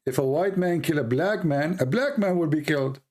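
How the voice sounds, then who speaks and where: A man's voice: on the high side, expressive, a little fast, darkish tone. Arabic-accented man, hammering questions. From Middle East. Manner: pressing, repeats questions. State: losing his voice, coughing. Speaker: debate host. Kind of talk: heated online debate.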